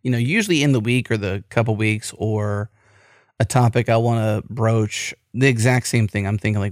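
A man's voice: lowish voice, normal speed, a little mellow, dry recording, studio quality. A man with an American accent hosting a podcast, talking in an enthusiastic, rambling way. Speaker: podcast host. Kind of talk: casual podcast chat.

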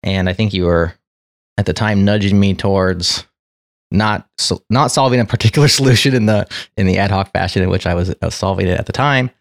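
A man's voice: low voice, a little fast, gravelly, no room sound, clean studio sound. A man hosting a podcast, chatting in a rambling, friendly way that often corrects itself. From United States. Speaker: podcast host. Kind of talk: casual chat.

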